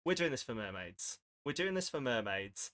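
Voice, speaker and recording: Young male streamer, bright tone, rambling and self-deprecating, casual desk-mic chat. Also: mid-range voice, very animated, normal speed. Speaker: charity streamer. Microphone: desk microphone.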